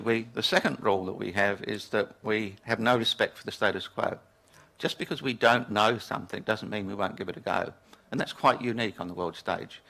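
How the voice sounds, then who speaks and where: An older man from England speaks to a room full of people, spinning anecdotes and chuckling at his own jokes. His voice sits a little low but comes across bright and forceful. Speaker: keynote speaker. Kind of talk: storytelling talk to a live audience. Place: lecture room with audience.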